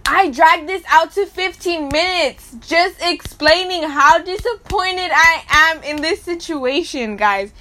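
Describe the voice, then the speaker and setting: High, bright young woman ranting crudely. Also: slow pace, hardly any pauses. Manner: blunt, crude, slangy and profane, talks straight to her listeners. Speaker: podcast host. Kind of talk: casual storytelling podcast.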